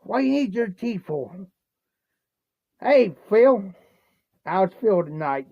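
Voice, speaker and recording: A man's voice: high voice, very animated, unhurried, creaky, a little mellow, dry recording, muffled recording. A man from Ohio livestreaming from home, telling a rambling, repetitive folksy story and mixing drinks. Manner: rambling, repetitive, folksy, keeps saying "no joke". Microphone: phone livestream.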